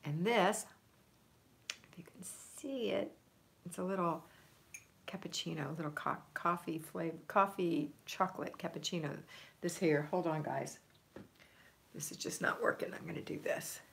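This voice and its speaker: A woman's voice: on the low side, normal speed, vocal fry, long pauses, fairly bright tone. A middle-aged woman chatting on a home livestream, reading viewer comments aloud in an upbeat way, laughing and trailing off with ums. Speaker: home organizing livestream host.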